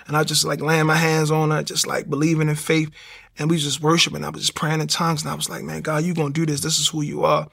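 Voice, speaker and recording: A man tells his faith story in a casual interview. His voice is gravelly and bright and sits a little high. He acts out what people said to him. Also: quick pace. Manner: animated storytelling, acts out quotes. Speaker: guest sharing testimony.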